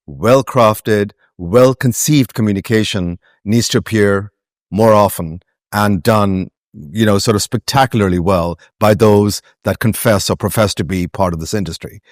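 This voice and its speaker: Pakistani man, guest in an interview, lowish voice, dry close sound, thinks aloud and circles back. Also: normal speed, no room sound. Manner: reflective, meandering with frequent restarts and fillers. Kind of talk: conversational interview.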